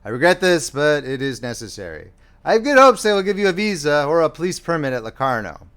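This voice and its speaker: A man's voice: on the high side, big pitch swings, fast, fairly bright tone, clean tone. A man voicing a stiff, thin border lieutenant, formal and politely clipped.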